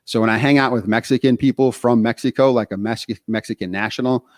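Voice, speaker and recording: A man from Texas co-hosting a podcast, talking casually in animated stretches, full of fillers and restarts. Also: mid-range voice, fast, no room sound, clean studio sound. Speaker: podcast co-host.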